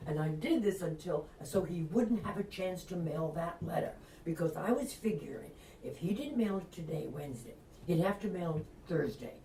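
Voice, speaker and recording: Older woman author, Long Island accent, lively storyteller who acts out quotes; distant mic, faint hiss. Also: fairly low pitch, moderate pace. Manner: animated storyteller acting out quotes, laughs often. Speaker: author guest. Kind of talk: storytelling interview. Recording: echoey room, distant mic, faint noise.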